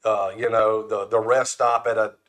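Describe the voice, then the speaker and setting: A man's voice: lowish voice, level tone, moderate pace, a bit bright. A man chatting casually on a podcast, telling folksy stories and acting out the people he quotes. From Florida panhandle. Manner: folksy storyteller, acts out quoted voices. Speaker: podcast guest, brand founder. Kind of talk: casual chat.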